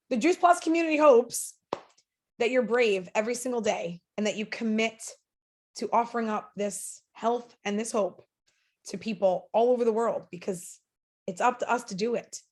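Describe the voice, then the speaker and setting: On the high side but darkish in tone, a woman appears as a podcast guest. She is a sales leader telling a story in an earnest, emphatic, motivational way.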